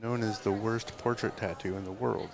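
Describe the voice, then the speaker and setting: A man's voice: fairly low pitch, steady tone, moderate pace, gravelly, background noise. A man, a tattoo artist, telling a long story in a live podcast interview, rambling with lots of fillers and swearing. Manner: rambling, full of fillers and profanity. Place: live event at a tattoo convention. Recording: loud crowd chatter at a live event.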